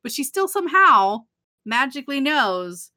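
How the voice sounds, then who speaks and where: A woman's voice: high voice, big pitch swings, unhurried, sharp tone. A woman co-hosting a casual podcast, recapping an episode with sarcastic, swear-heavy commentary. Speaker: podcast co-host.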